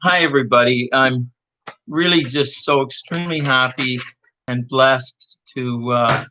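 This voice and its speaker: A man shares a church devotional at an unhurried pace. His voice sits at a middling pitch, heartfelt and a little hesitant, and he sounds like he is recovering from illness. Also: pushed and bright, a little hiss or hum, poor audio. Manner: slow, heartfelt, with hesitant restarts. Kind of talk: reading a devotional and praying.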